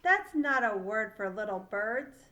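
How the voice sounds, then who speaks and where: A woman voicing a patient grown father bird in a storybook reading, gentle and correcting. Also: medium pitch, very animated, unhurried, highs cut off.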